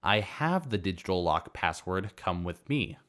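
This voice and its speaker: A man reading as a stern homeowner woman, exasperated, unhurried. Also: sits low, big pitch swings, a bit bright, full character voice. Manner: firm, exasperated. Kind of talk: reddit story reading.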